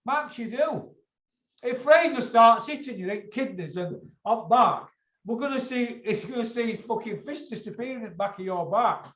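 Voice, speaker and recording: A man's voice: very high voice, expressive, normal speed, fairly bright tone. A man hosting a boxing chat show, blunt and lecturing, swearing freely. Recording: echoey, dull lo-fi room sound.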